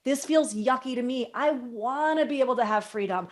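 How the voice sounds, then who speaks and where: A woman's voice: high-pitched, normal speed. Reflective woman podcast host. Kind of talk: casual chat.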